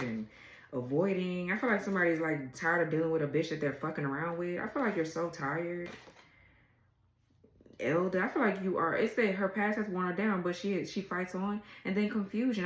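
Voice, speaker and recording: A woman's voice: lowish voice, reverberant, poor audio. A woman doing a casual tarot reading, blunt and exasperated, swearing freely as she reads the cards. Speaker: tarot reader.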